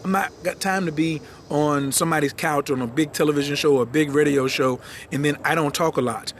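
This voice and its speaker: Fast, animated, slangy male coach on a phone livestream, voice on the high side, faint noise behind. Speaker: astrology and branding coach. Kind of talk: live-stream talk to viewers.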